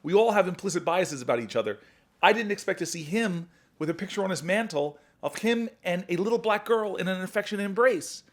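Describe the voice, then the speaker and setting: A man, a senator telling stories in a podcast conversation, animated and acting out the people he quotes. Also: sits high, fairly quick. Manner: animated storyteller, acts out quoted voices. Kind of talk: storytelling conversation.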